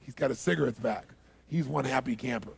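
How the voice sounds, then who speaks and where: Man, seminar speaker, raspy, gravelly low rumble, animated storytelling, audience asides. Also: a little fast. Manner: animated, acts out dialogue, asks the audience for agreement. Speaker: motivational speaker.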